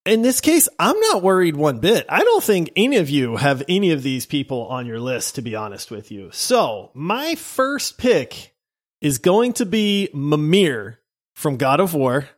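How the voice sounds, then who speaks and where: A man hosting a gaming podcast, bantering in a jokey, animated way and quick to laugh. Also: a little high. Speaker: podcast host.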